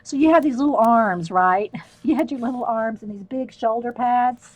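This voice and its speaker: This art livestreamer, a middle-aged woman, chats and tells wandering stories as she paints, laughing frequently. Her pitch is on the high side and her pace moderate, captured in lo-fi sound without any room sound.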